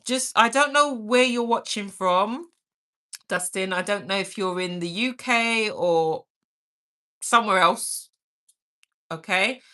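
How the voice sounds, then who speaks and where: A woman's voice: mid-range voice, slow pace, pauses often, pushed and bright. A middle-aged woman hosting a livestream, chatting energetically and caringly while reading out viewer comments. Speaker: livestream host.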